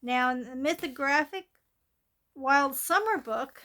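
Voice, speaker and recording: A woman's voice: high-pitched, lively intonation, unhurried, bright, forceful tone. A woman hosting a coloring channel, chatting casually and meandering with fillers and restarts, filmed on a phone from above at her craft table. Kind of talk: casual show-and-tell of coloring plans. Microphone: phone filming from above.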